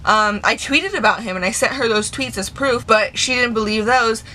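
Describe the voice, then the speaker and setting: Young woman, vlogger, bright voice, casual storytime, lots of swearing, animated. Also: a little high, moderate pace, slight background noise. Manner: heavy swearing, animated retelling. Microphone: camera mic.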